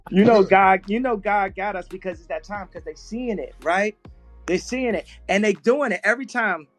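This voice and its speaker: Man, podcast guest, high voice, rambling storyteller, voices his quotes. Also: normal speed, faint music behind. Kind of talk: casual podcast conversation.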